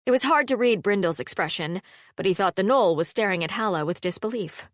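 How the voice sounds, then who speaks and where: A woman narrates a fantasy audiobook in a steady, wry storytelling voice at a middle pitch. Her close mic picks up a dry studio sound with no room echo. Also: brisk. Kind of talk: scripted narration.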